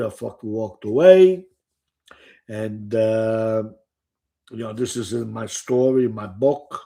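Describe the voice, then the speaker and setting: A man's voice: on the low side, mellow. An older man telling stories from his past in a rambling, profane, casual way, often saying "you know.". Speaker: former gambler recounting his past. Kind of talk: casual storytelling.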